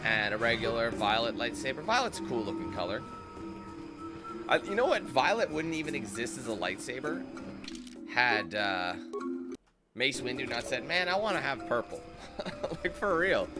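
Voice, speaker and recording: A man's voice: medium pitch, big pitch swings, moderate pace, pauses often, music in the background. A man giving casual gameplay commentary with rambling, joking asides. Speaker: gaming streamer.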